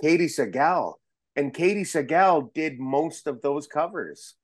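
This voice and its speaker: A man chatting as a podcast guest, an excitable storyteller who rambles and restarts his sentences. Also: on the high side, unhurried, dry recording. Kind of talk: casual chat.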